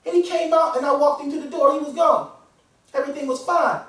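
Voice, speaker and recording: A man telling a funny true story in an animated way, often laughing as he goes. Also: very high-pitched, a little fast. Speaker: comedian. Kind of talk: comic storytelling. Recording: echoey room from far off.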